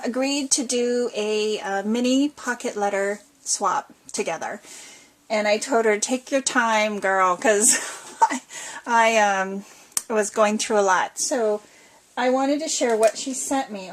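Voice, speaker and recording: A woman's voice: a little high, a little hiss or hum. A woman chatting casually as she unboxes a craft swap, gushing with frequent exclamations. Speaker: crafting vlogger.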